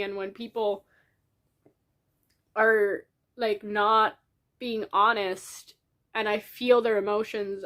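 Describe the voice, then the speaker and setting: A woman's voice: fairly high pitch, fairly bright tone. Tearful young woman rambling to camera. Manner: rambling, halting, frequent restarts and fillers. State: tearful, crying. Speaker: vlogger. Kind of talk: casual diary vlog. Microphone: camera in front of her.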